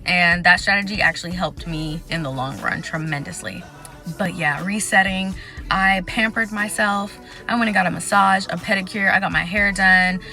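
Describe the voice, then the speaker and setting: A young woman vlogging about resetting after failed exams, candid and chatty, listing things off in quick runs. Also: lowish voice, sharp tone, soft background music. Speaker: vlogger sharing exam advice. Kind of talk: casual talking-to-camera vlog.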